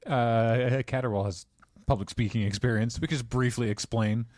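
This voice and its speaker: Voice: medium pitch, fairly even intonation, normal speed, darkish tone, no room sound. A player jokes casually through a tabletop role-playing session. The voice is recorded dry and close.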